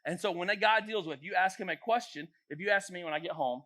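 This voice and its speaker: A man, a youth pastor, giving a joking, animated talk to teenage girls in a church youth room. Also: high-pitched, quick pace. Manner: jokey, animated, acts out voices. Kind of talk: casual talk to teens.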